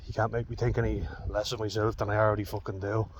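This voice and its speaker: A man's voice: on the low side, level tone, quick pace, dull audio, a little hiss or hum. Blunt, swearing man. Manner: blunt, heavy swearing, raw and frank. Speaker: vlogger. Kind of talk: candid storytelling to camera.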